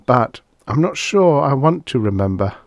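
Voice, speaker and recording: A man's voice: mid-range voice, very animated, normal speed, vocal fry, no room sound, studio quality, pitched above the performer's own voice. A man reading a story aloud, voicing a puzzled, easygoing young man with a questioning lilt.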